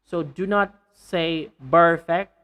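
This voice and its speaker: A man teaching an online pronunciation lesson, repeating words to drill them, with a deliberate, lightly playful manner. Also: a little high, expressive, a bit bright.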